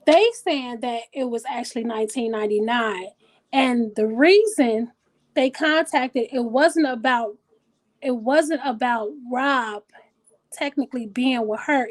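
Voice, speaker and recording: A woman hosting a casual talk show, blunt and profane, animated and thinking out loud. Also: on the high side. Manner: animated, blunt and profane, pausing to reason aloud. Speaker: host.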